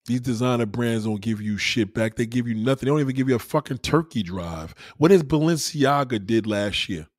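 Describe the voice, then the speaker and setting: A man's voice: medium pitch, fairly quick, hardly any pauses, no room sound, clean studio sound. A man delivering a profane, emphatic ranting monologue full of rhetorical questions, talking to a livestream audience.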